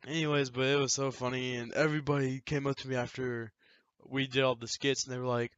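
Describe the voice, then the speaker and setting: Talking a little fast into a desk mic, the teenage host rambles animatedly through casual, enthusiastic stories for his channel. His medium-pitched voice has a clean tone, though the audio sounds dull, with no room sound.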